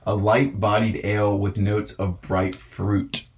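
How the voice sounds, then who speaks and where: A man's voice: fairly low pitch, level tone, slow, slightly rough. Profane ranting young man. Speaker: podcast host. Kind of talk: casual chat.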